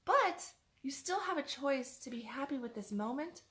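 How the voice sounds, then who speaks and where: A woman's voice: high voice, lively intonation, normal speed, fairly bright tone. A woman life coach giving a chatty motivational talk, repeating her points for emphasis. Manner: chatty, acts out other people's words.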